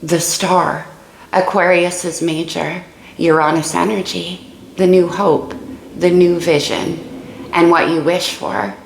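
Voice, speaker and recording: A woman with a low, creaky voice reads tarot cards in a casual way, thinking aloud and exclaiming over each card. Her voice rings in an echoey room with a faint hiss behind it. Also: flat delivery, takes it slowly. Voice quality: creaky morning voice. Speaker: tarot reader. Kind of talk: casual tarot reading to camera.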